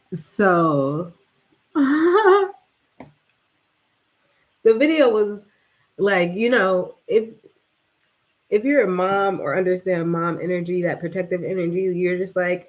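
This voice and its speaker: A woman vlogger telling a story in casual, slangy talk, animated and often breaking into laughter. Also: on the low side, slow pace, pauses often, poor audio.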